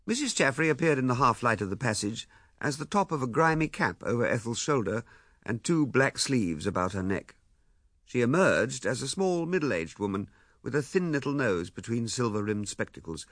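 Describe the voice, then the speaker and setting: Guy reading a novel aloud, expressive, swooping pitch, dead dry mic. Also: no room sound. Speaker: audiobook narrator. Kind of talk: scripted narration.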